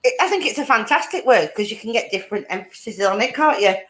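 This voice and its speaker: A woman's voice: on the high side, expressive, fast talker. A woman from Ireland hosting a casual chat podcast, talking freely, swearing and laughing often. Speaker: podcast host. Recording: roomy echo.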